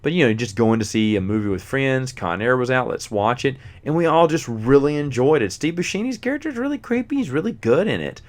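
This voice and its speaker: A man's voice: mid-range voice, big pitch swings, fairly quick, few pauses. A man, casually reviewing movies as a host, rambling and often forgetting names.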